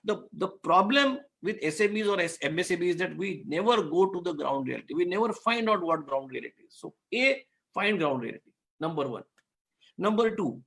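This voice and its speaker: A man teaches business owners in an earnest, repetitive way. His voice sits high for a man and carries a gravelly fry. He tells a simple animal fable to drive home his lessons. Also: expressive, brisk, fairly bright tone. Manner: earnest, repeats words, tells a fable to make points. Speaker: guest speaker on business law. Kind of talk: online masterclass talk.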